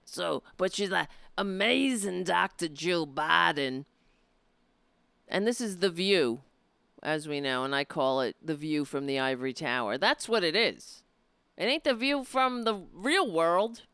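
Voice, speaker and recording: Woman host, sarcastic commentary, bright voice, dry close sound. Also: sits low, expressive, moderate pace, clean tone, no echo. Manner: mocking, blunt, profane.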